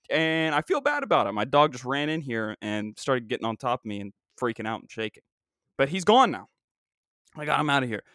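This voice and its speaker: A man hosting a casual solo podcast from home, ranting in an animated, exasperated way. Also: medium pitch, clean tone, dry recording, clean studio sound. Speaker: podcast host. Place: at home, dog nearby.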